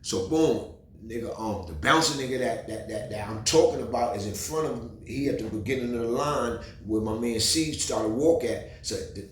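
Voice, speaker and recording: New man, mid-pitched, animated street storyteller, roomy echo on the recording. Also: normal speed, slight background noise. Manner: animated, profane, repeats "you heard".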